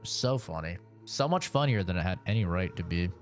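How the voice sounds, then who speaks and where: A man's voice: low-pitched, lively intonation, a little fast, faint music behind. A man streaming a game, chatting casually and rambling with jokes to his viewers. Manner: rambling, joking, talks to chat. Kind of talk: casual gameplay chat.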